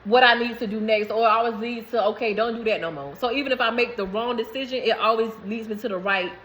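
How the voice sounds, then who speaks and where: A woman's voice: a little high, quick pace, fairly bright tone, slight background noise, rough recording. A woman in giving a rambling, emphatic spiritual message to viewers, swearing freely. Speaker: spiritual reader.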